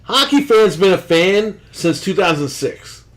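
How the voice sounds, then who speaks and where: High-voiced man ranting and swearing. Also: sing-song, a little slow. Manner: profane, loud, ranting. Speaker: podcast co-host. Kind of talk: casual podcast rant.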